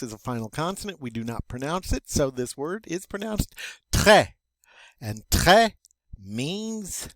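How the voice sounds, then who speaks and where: An older man teaching a French vocabulary review, slow and patient, with wry self-deprecating asides. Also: medium pitch, a bit bright, no echo.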